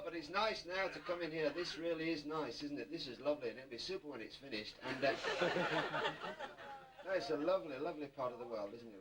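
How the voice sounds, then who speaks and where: A middle-aged man with a Yorkshire accent doing stand-up at a party, telling jokes in a chatty way and chuckling at his own punchlines. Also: mid-range voice. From Yorkshire, England. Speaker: stand-up comedian. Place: hotel function room. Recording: distant mic, noisy room. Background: crowd laughter and room noise.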